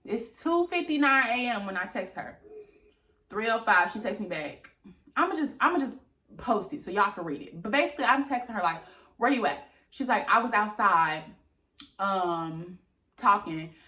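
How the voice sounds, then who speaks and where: Animated young woman telling a story. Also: mid-range voice, normal speed, echoey room. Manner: animated, exasperated retelling with lots of quoted dialogue and cursing. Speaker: vlogger. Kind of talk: casual storytime.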